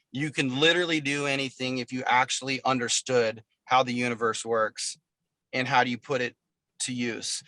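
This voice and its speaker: A man's voice: medium pitch, a bit bright, no echo. A man being interviewed over a video call, chatting casually as a musician guest, telling long stories in a loose, profane way. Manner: profane, rambling storyteller.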